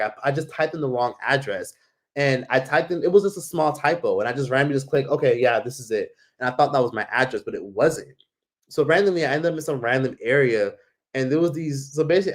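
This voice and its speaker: A man casually telling a travel story to camera, rambling, swearing freely and leaning on filler words. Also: medium pitch. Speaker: vlogger.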